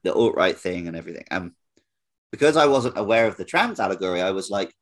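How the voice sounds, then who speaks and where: A man hosting a casual podcast discussion, making points in a relaxed way with frequent fillers. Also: on the low side, quick pace. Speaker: podcast host.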